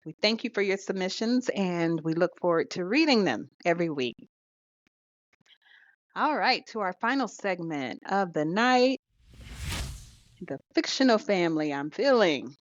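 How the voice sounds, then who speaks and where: A woman co-hosting a podcast, telling a story in an animated, casual way. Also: lowish voice, measured pace, long pauses, no room sound. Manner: animated storytelling with laughs and fillers. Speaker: podcast co-host. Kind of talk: casual chat. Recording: dull lo-fi sound.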